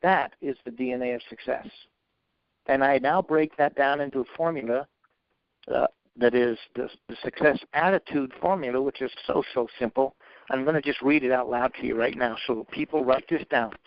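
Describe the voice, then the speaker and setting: A man's voice: medium pitch, normal speed, dry recording. A man telling his own story in an interview, acting out the voices of past conversations in an earnest, motivational way. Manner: animated, acts out both sides of past dialogues; earnest, faith-driven motivational tone. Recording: dry, slightly dull lo-fi recording.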